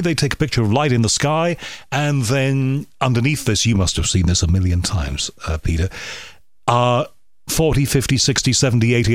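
Male host, chatty and animated with sudden pitch jumps, dry close sound. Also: moderate pace, dry recording. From United Kingdom. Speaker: radio interviewer. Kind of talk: conversational interview.

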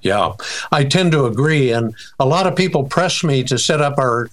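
Older American man, interview guest, measured and precise with frequent fillers, mid-range voice. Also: medium pitch, expressive. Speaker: director of a UFO reporting center, interview guest. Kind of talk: recounting a sighting in an interview.

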